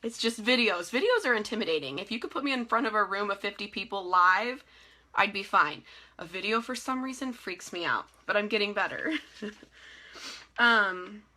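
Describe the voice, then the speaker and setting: A woman's voice: medium pitch, normal speed. A young woman giving a casual, encouraging live motivational talk to her team over a webcam. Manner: energetic, encouraging, chatty with frequent laughs. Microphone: phone or webcam in a live video.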